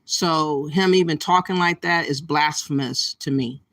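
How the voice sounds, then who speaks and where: A man's voice: fairly high pitch, unhurried, fairly bright tone, no echo. Earnest man, dry close sound. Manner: earnest and emphatic, with some hesitations. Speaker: commentary co-host. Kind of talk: earnest casual commentary.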